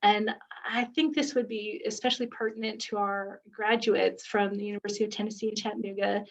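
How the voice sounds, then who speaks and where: A woman hosts an online author talk, passing along viewer questions in a polite, slightly halting way. Her voice is mid-pitched for a woman. The call audio sounds a little dull. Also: little pitch movement. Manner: polite, hesitant with fillers. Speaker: event moderator. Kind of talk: moderating audience questions. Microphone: video call.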